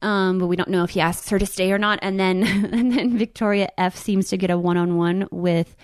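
A woman in her thirties chats casually as a podcast guest. She laughs a lot and acts out what others said, with a mid-range pitch. The sound is dry and close. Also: fairly even intonation, fairly quick, smooth, no room sound. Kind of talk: casual chat.

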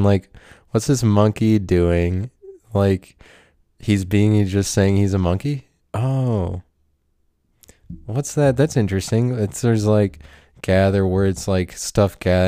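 Guy rambling on his own podcast, low mellow smooth voice, dry close sound, laughs at himself a lot and swears. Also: dry recording. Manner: self-mocking, rambling, laughs often. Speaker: podcast host. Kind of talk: rambling solo podcast monologue.

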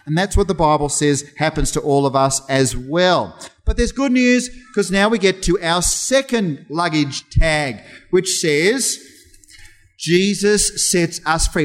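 High-voiced man giving a children's talk. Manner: animated storytelling, imitates sounds. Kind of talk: children's talk in a church service.

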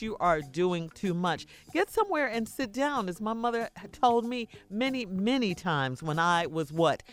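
A woman co-hosts a radio advice show and talks bluntly. She scolds and hammers home the same points again and again. Her voice rises and falls a lot. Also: mid-range voice. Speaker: radio co-host giving advice. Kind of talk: call-in radio advice talk.

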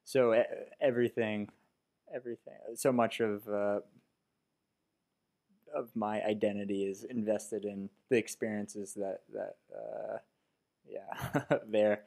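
Hesitant young American man talking softly. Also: on the low side, fairly even intonation, vocal fry. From Baltimore, United States. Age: 20s. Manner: hesitant, halting, many fillers, trails off softly. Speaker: podcast guest. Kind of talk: casual podcast chat.

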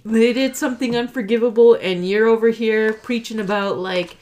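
A woman's voice: on the high side, normal speed. A woman co-hosting a casual podcast, telling a story and acting out what people said, with frequent restarts and swearing. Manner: animated storytelling, acting out quotes. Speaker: podcast co-host. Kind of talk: casual chat.

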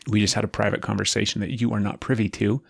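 A man's voice: lowish voice, level tone, fast talker, creaky, husky, dry recording, studio quality. A man co-hosting a casual podcast chat, laid-back and dryly teasing. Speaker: podcast co-host.

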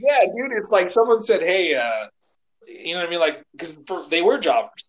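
A man co-hosting a casual podcast, rambling and animated, swearing and acting out quotes as he retells scenes. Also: sits high, moderate pace. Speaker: podcast co-host. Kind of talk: casual chat.

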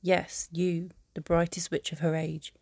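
A woman voicing a remorseful young male aristocrat wizard in a fan audiobook, speaking softly and haltingly. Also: fairly low pitch, little pitch movement, creaky, husky, dry recording, studio quality, heavily acted. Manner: soft, halting confession.

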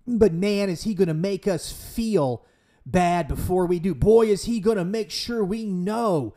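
A man's voice: high voice, a little slow, warm tone. A man preaching with passion as a podcast host, emphatic and pleading, full of rhetorical questions. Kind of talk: impassioned preaching.

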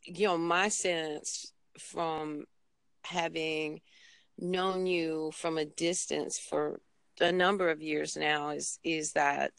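A woman with a lowish voice speaks as a guest on a podcast over a remote call. She is reflective and halting, restarting her sentences often. The sound is dry and close. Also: fairly bright tone, smooth, dry recording. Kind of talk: casual interview conversation.

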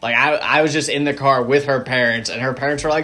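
A man hosting a podcast, his voice sitting at an ordinary middle pitch. He chats loosely and rambles through self-deprecating stories, dotting them with fillers. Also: quick pace, sharp tone. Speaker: podcast host. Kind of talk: casual podcast chat.

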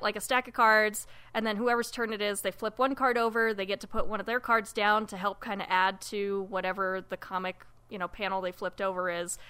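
A woman co-hosting a casual podcast chat, a parent telling animated stories and laughing often. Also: mid-range voice, clean tone. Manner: giggly, animated storyteller. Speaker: podcast co-host.

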